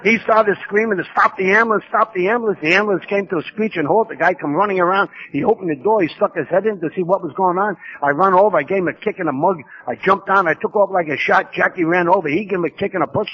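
Gritty New man telling his story. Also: high voice. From New York. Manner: gritty, streetwise, rapid-fire storytelling. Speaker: speaker at a recovery conference. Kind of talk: personal storytelling talk. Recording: lo-fi 1990s conference tape.

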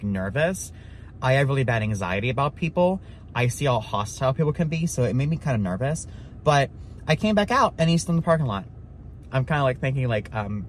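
A man preaching at a Bible study in an easygoing, rambling way. His talk is loose and full of fillers, with a faint hum of room noise behind his mid-pitched voice. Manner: rambling, filler-heavy, with many "like" and "you know".

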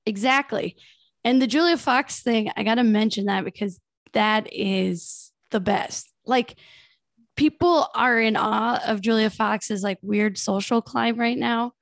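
A woman's voice: fairly high pitch, a little slow, gravelly, no room sound, studio quality. A young adult woman co-hosting a podcast, telling a story in casual gossipy chat with plenty of swearing. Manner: chatty, swearing, enthusiastic storyteller. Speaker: podcast co-host.

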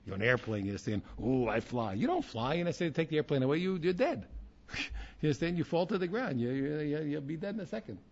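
A man gives an informal Torah class in a lively, swooping voice that sits a little high. His tone is gravelly, and he often restarts and checks in with "you understand?" The recording is slightly dull, with faint room noise behind him. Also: fast. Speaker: rabbi teaching a class.

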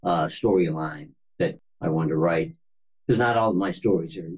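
A male author from Florida talking as a podcast guest, speaking haltingly with many fillers and restarts. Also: low voice, husky, poor audio. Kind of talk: conversational interview.

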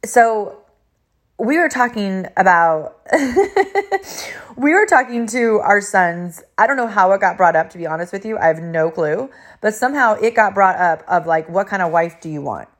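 A woman's voice: mid-range voice, lively intonation, unhurried. A woman in her thirties, a life coach, telling a family story in a motivational talk with energy and frequent laughter.

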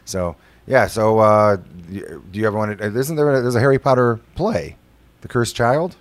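Male host, fairly low voice, loose rambling questioning style. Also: normal speed. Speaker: radio show host. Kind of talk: casual interview.

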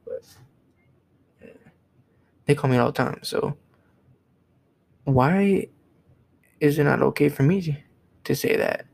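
A man's voice: mid-range voice, gravelly, a little mellow, husky, poor audio. A young man from the United States giving a blunt, profane opinion rant to camera, repeating himself as he talks. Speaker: vlogger.

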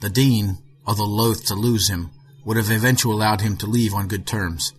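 A middle-aged man narrating a short story in a measured, even way with a husky voice. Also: lowish voice, soft background music. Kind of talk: audiobook narration.

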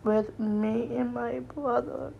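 A woman speaks on her own podcast through tears, her voice breaking and gravelly. She talks in a slow, flat line, halting and trailing off before she starts her sentences over. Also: on the high side, lo-fi sound, a little hiss or hum. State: crying, voice breaking. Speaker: podcast host. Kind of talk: emotional personal podcast message.

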